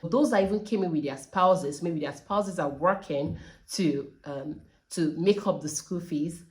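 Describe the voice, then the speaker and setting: A woman's voice: on the low side, measured pace. A woman vlogging casual question-and-answer advice as a trainee teacher, earnest and emphatic, repeating key points and laughing now and then.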